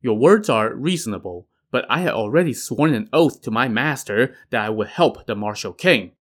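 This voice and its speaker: A man's voice: mid-range voice, expressive, moderate pace, a bit bright. A man voicing an earnest, dutiful young prince who is easily swayed.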